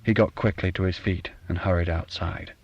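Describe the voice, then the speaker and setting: Low-voiced male audiobook narrator. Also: highs cut off. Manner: measured, even storytelling. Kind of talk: literary fiction reading.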